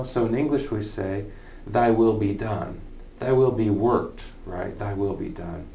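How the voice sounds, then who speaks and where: Lowish-voiced man teaching aloud, echoey room. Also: steady tone, a little slow, creaky, mellow. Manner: thinking aloud, with hesitant fillers and repeated phrases. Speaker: college humanities teacher. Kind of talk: informal online lecture. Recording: echoey room, somewhat far from the mic, faint noise.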